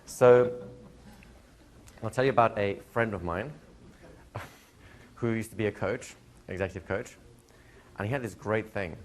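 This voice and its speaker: In a training room full of students, a hypnosis instructor responds to a student's question during a live workshop, telling stories, laughing, and performing quoted dialogue. His voice is on the lower side, his pace moderate with long pauses, and there's slight background noise.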